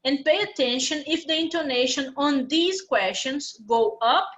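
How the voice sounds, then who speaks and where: Bright high-voiced woman teaching slowly. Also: poor audio. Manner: patient, explains step by step. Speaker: English teacher. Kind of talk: live online class instruction.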